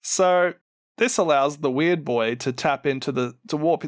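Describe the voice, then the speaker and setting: A man's voice: a little high, a little slow, no room sound, clean studio sound. A man with a New Zealand accent, co-hosting a podcast and animatedly retelling lore, laughing often and acting out what characters say. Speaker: podcast co-host.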